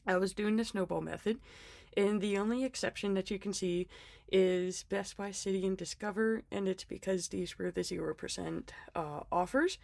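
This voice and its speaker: A woman's voice: mid-range voice, fairly even intonation, normal speed, vocal fry, a little mellow, no room sound, clean studio sound. A woman talking through her budget planner in a casual vlog, sick and short of breath, chatty with lots of ums and small laughs. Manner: chatty, self-deprecating, frequent ums and laughs. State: sick and winded. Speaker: planner vlogger.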